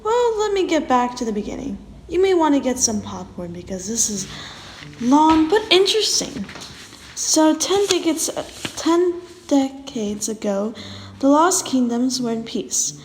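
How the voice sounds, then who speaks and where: A woman's voice: high-pitched, sing-song, unhurried, darkish tone, a little hiss or hum. A woman telling a long story to viewers in a chatty way, often restarting her words, in an echoey room. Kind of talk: casual story narration.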